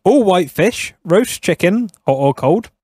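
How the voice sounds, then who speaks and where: A man's voice: high voice, animated, unhurried, warm tone, slightly rough, dry recording. A man co-hosting a podcast, reading label text aloud in a dry voice and stumbling over words. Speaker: podcast co-host. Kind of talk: casual banter and reading out a label.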